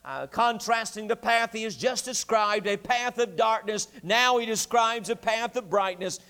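High-pitched male preacher, storytelling sermon, emphatic repetition. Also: animated, a little slow, few pauses, bright, forceful tone. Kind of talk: evening church sermon.

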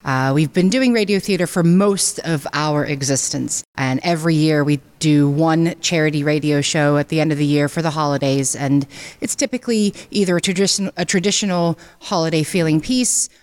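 A woman's voice: low voice, normal speed, darkish tone. A woman who is president of a theater company, explaining its history in a matter-of-fact way. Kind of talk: interview answers.

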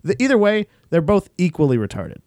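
A man's voice: high voice, sing-song, fairly quick, a little mellow, no room sound. A man co-hosting a comedy podcast who rambles in a crude, jokey way and laughs between lines. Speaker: podcast co-host. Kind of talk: casual comedy chat.

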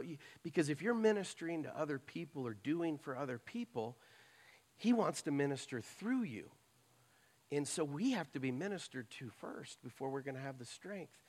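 A middle-aged man preaching from the pulpit in an earnest, personal way. His voice sits at an ordinary male pitch, and he talks plainly, as if to friends in the pews. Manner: earnest, personal, emotional at times, plain-spoken. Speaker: pastor. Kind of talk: sermon.

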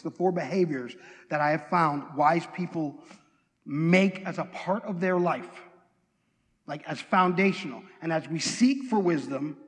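A man preaching a sermon, telling stories in an animated way, with restarts and self-deprecating asides. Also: on the high side, in a large hall.

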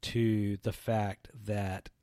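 A man's voice: on the low side, very slow, smooth, no echo. Playful man in a dry studio. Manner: playful, animated banter. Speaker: podcast co-host, youth ministry leader. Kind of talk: casual chat.

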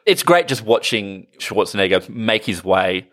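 Relaxed man, lowish voice. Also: measured pace. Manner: relaxed, amused, laughs easily. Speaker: podcast co-host. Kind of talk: casual film discussion.

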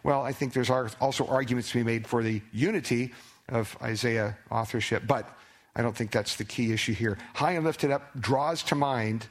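A man's voice: mid-range voice, normal speed. A man preaching a Bible sermon in a conversational way, speaking God's words aloud with rising emphasis. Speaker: pastor.

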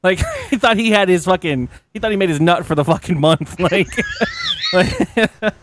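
A man's voice: sits high, animated, moderate pace, background noise. A man in his thirties hosting a casual podcast, telling anecdotes with lots of swearing and acting out the voices of the people in them. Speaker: podcast host. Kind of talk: casual chat, storytelling.

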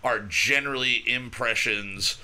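Self-deprecating man with a bright voice. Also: mid-range voice, unhurried. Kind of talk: casual chat.

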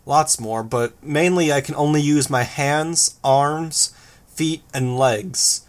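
A steady young armored leader who lays out facts briskly and plainly, as a man reads him. Storybook hero in charge of a team. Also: fairly high pitch. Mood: firm. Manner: brisk, matter-of-fact.

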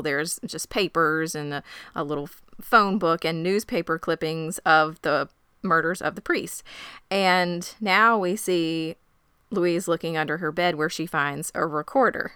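A woman's voice: sits low, steady tone, normal speed, pushed and bright, clear, resonant tone, no room sound, studio quality. A woman co-hosting a podcast, recapping a TV episode in casual chat, enthusiastic and emphatic with frequent laughs. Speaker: podcast co-host.

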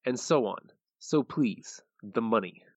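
A man's voice: medium pitch, lively intonation, unhurried, a little mellow, husky, no echo, dull audio. A man co-hosting a podcast, casually chatting and reading out listener messages while laughing often. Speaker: podcast co-host. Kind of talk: casual chat.

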